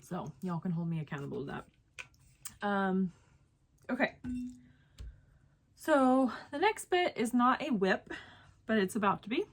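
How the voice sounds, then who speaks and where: A woman's voice: mid-range voice, sing-song, unhurried, pauses often. A young woman, chatting casually as the host of her own knitting show and filling her talk with ums and restarts. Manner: chatty, lots of fillers and self-corrections. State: slightly out of breath. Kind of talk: casual chat to camera.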